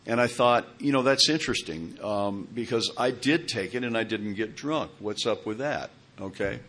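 A man in his sixties gives a personal testimony in a rather low voice. He rambles from one memory to the next and keeps checking in with his listeners as he goes. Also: moderate pace, a bit bright, slight background noise. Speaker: recovery meeting speaker.

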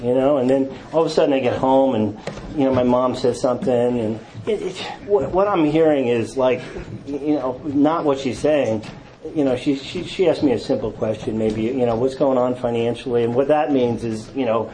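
A man telling his recovery story to an audience, acting out quotes with self-mocking humor and dropping to low, quiet tones in the hard parts. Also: normal speed, a crowd in the background, poor audio. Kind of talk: personal testimony talk to an audience.

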